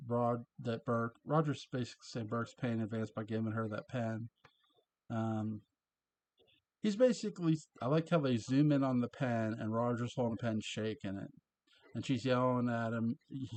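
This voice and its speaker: Male reviewer, mid-pitched, conversational episode recap with wry chuckles. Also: a little mellow, no echo. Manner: chatty, chuckles at his own asides. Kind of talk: casual recap and commentary.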